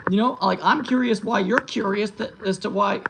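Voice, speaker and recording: A man's voice: high-pitched, moderate pace, gravelly, background noise. A man chatting casually on a livestream from his home, rambling playfully with many restarts. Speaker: streamer. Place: home with cats.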